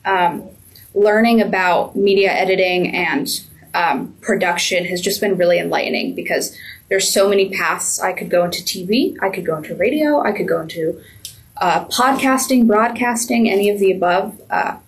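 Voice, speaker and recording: A young adult woman, a media program intern, giving a casual spoken reflection with many pauses and ums. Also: medium pitch, low-quality recording. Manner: hesitant, with many ums and restarts.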